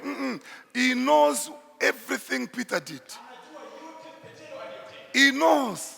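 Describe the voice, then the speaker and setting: A man's voice: very high-pitched, expressive, a little slow, gravelly, long pauses, sharp tone, breathy edge. A man preaching a sermon as pastor, emphatic and declaiming, in an echoey church. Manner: emphatic preaching, shifts into Swahili asides.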